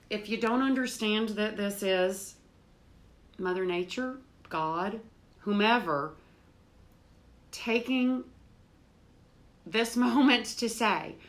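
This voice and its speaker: A woman hosting a home livestream, chatting with viewers by name, laughing easily and breaking into hymns. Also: medium pitch. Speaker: host of a home cooking livestream. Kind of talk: casual livestream chat with singing. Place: home with doors open.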